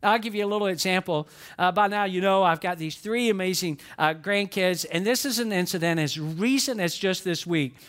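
High-voiced older male preacher. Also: fairly quick, a bit bright. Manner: repetitive, questions the congregation, storytelling. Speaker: pastor. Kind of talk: sermon.

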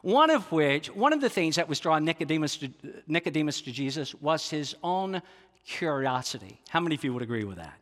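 A pastor preaching a sermon in an earnest, confessional way, often asking the congregation questions. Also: male voice, fairly high pitch, very animated, fairly quick, a bit bright, in a large hall. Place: large church sanctuary.

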